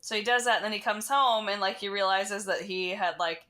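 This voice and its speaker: A woman co-hosting a podcast, telling stories in casual chat with a deadpan, profane delivery. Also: medium pitch, fairly quick. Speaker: podcast co-host.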